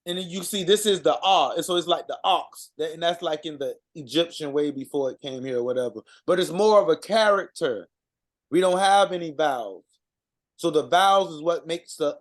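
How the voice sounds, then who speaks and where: A man giving an informal language lesson, reading out word lists and sounding out words with halting pauses and fillers. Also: high-pitched. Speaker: co-presenter reading out vocabulary.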